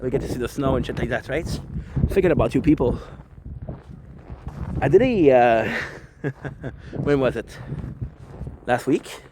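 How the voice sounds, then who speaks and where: Male vlogger, mid pitch, loose and profane, self-filmed outdoors with faint traffic noise. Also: lively intonation, a little slow, pauses often. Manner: rambling, profane, self-reflective. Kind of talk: casual vlog monologue. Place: outdoors on a skateboard in the snow. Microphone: handheld camera, self-filmed. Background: faint street ambience and passing cars.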